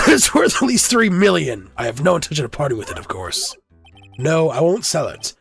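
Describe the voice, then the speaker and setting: A man voicing a pompous older male lawyer who dodges questions, clearing his throat and drawing out his words. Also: fairly high pitch, big pitch swings, soft background music. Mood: proud, boastful. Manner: blustery, clears throat, drawn-out pauses.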